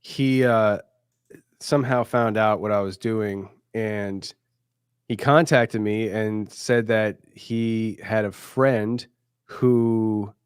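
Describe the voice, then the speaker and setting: A man in casual podcast talk whose low, smooth voice sounds dry and close to the mic. He speaks haltingly and restarts his words, with small laughs in between. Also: fairly even intonation, no room sound. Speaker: podcast guest. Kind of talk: casual chat.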